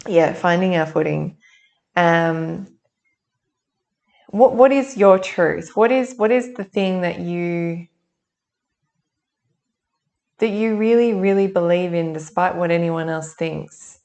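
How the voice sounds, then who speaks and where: Low gravelly lady doing a chatty tarot reading, thinks out loud. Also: takes it slowly, dull audio. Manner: chatty, thinks aloud, many restarts. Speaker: tarot reader. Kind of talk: casual monthly tarot reading.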